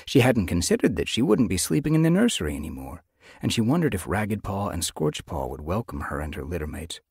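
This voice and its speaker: A man with a deep, gravelly voice narrates an audiobook in a measured way. His tone is slightly husky yet lively in pitch. The close studio sound is completely dry. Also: no room sound. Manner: measured storytelling. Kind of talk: scripted narration.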